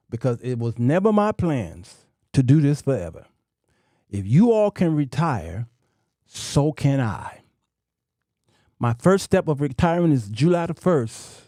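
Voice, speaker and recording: Mellow-voiced preachy man in his fifties. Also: mid-range voice, dry recording, clean studio sound. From United States. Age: 50s. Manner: preachy, folksy, repeats himself. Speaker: show host. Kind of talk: casual talk-show monologue.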